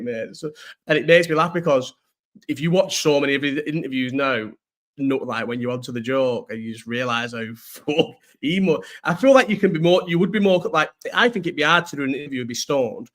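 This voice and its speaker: A man's voice: fairly high pitch, a bit bright. A young man chatting casually on a livestream, rambling, swearing and answering viewers. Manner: rambling, slangy, swears freely, answers chat. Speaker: streamer reacting to chat.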